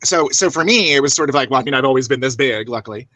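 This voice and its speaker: A man's voice: mid-range voice, animated, rapid-fire, bright, forceful tone, no echo, rough recording. A man speaking as a guest drag performer on a video call, encouraging and rambling, with many restarts. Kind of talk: casual chat.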